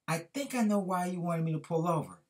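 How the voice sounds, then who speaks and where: A man's voice: high-pitched, lively intonation, a little fast, voice pushed up. A man voicing a scared young girl, a new driver, who pleads anxiously with her father. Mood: puzzled.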